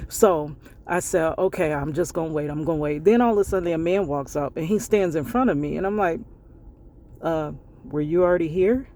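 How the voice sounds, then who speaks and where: A woman's voice: sits low, fairly quick, warm tone. A woman vlogging on the move, telling a story and acting out both sides of the conversation. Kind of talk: casual storytelling vlog. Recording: outdoor street and traffic noise.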